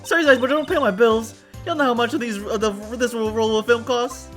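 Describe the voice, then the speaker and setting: A streamer voicing a loud young Southern woman photographer, drawling and stumbling over long lines, with game music behind. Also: medium pitch, fairly even intonation, brisk, pitched above the performer's own voice, close to an everyday voice. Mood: brash.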